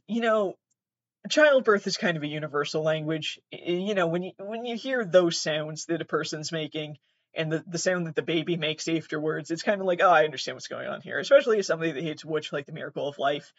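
A woman's voice: sits low, fairly quick, no room sound. A young woman rambles through a self-mocking anecdote, swearing freely and restarting her sentences as she goes. Her voice is recorded dry and close, with a slightly dull, muffled tone. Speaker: podcast host. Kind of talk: casual storytelling monologue.

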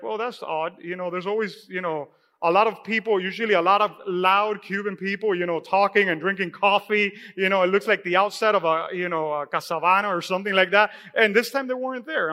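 In a church sanctuary, a pastor with a high, bright, ringing voice shares a personal story with his congregation, speaking loosely and conversationally with many a "you know." His words fade into a long echo off the hall.

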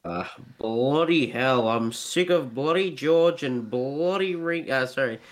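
A man's voice: mid-range voice, slow pace, lightly acted. A man doing an impression of a fed-up male drummer, whining and saying "bloody" in nearly every line. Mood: grumbling. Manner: repeats "bloody" over and over, whining. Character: grumbling working-class male drummer, fed up.

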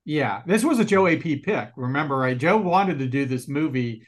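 A man's voice: a little high, lively intonation, moderate pace. Teasing male podcast co-host. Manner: teasing, laughing. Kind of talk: casual podcast chat.

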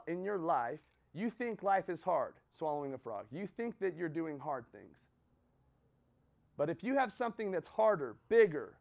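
A man's voice: high voice, vocal fry, muffled recording. A man giving a motivational talk to a group, telling a story and checking in with "right?" and "okay?". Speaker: motivational speaker.

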